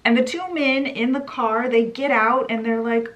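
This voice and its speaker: A woman's voice: on the high side, steady tone, moderate pace, few pauses, fairly bright tone. Chatty woman retelling a book. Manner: chatty, fills with "you know" and "he's like". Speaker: book channel host. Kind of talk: casual book summary retelling.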